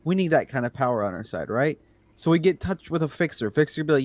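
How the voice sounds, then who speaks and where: A man playing a tabletop game with friends, joking and animated as he lays out a plan. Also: a little high, fast talker, dry recording. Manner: joking, animated, puts on voices for characters. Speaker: player. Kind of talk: tabletop game play, casual banter.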